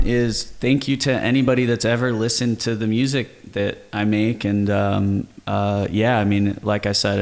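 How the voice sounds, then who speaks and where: A man's voice: on the low side, gravelly. A man, a musician guest, chatting casually in an interview, laid-back and joking, swearing now and then.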